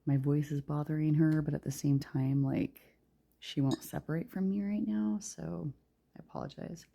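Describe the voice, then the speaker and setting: A woman with a low, gravelly voice gives a tarot reading in a hushed, soft tone, often slipping into a whisper. Her voice is very dark and mellow, and she rambles along with many fillers. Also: fairly even intonation, normal speed. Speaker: tarot reader.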